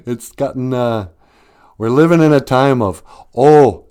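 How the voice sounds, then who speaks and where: In a clean, somewhat mellow medium-pitched voice, a male podcast host delivers a casual, joking monologue. He laughs often, breaks into bits of song, and sarcastically puts on mock voices when quoting people.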